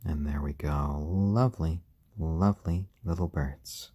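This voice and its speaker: A man hosting a casual live stream at home, gently chatting to viewers and talking softly and fondly to his baby chickens. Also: very deep voice, a little slow, slightly rough.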